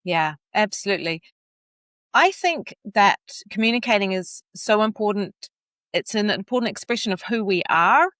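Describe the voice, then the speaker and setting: A woman communications and vocal coach speaking as a podcast guest, expressive and animated as she demonstrates inflection. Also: medium pitch, dry recording. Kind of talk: podcast interview.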